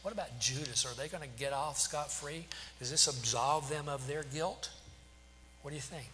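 Bright-voiced man preaching in a hall. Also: fairly high pitch, moderate pace. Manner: asks rhetorical questions, emphatic preaching. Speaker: pastor. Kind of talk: sermon. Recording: long hall reverb, faint hum.

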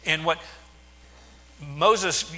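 A man's voice: on the high side, drawn-out words, sharp tone, in a large hall. A man preaching a sermon, retelling scripture in plain words with restarts and asides.

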